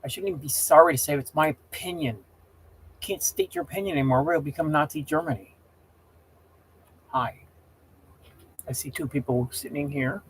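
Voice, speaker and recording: A man's voice: fairly high pitch, normal speed, pauses often, slight background noise. A man hosting a casual livestream, rambling, getting heated and exasperated as he talks. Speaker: livestream host.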